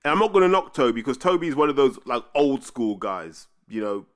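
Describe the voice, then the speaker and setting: A man's voice: medium pitch, fairly quick. A man hosting a podcast, telling stories in a blunt, casual way with swearing. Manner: blunt, animated storytelling with swearing. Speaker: podcast host.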